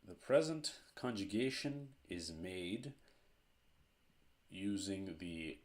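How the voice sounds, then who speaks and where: A man with a very low voice gives a grammar lesson at a board. He goes through each verb form slowly and deliberately, repeating as he writes. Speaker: teacher.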